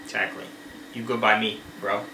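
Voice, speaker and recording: A man's voice: lowish voice, little pitch movement, normal speed, pushed and bright. A man co-hosting a survival gear video, rambling in casual banter and often restarting his sentences. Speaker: co-host of a survival gear channel. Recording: roomy echo with faint noise.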